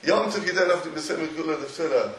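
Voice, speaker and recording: Animated man lecturing in an echoey room. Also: a little high. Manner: animated, halting with repeated restarts, laughs often. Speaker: Torah teacher. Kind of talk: Talmudic lecture. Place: echoey room with a live audience. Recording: roomy echo, faint noise.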